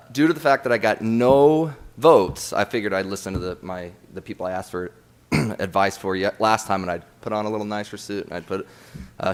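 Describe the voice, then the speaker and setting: Low voiced guy pitching himself to a city council, easygoing, pokes fun at himself. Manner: easygoing and self-deprecating, with filler sounds. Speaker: applicant for a city council seat. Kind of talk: spoken application to a council.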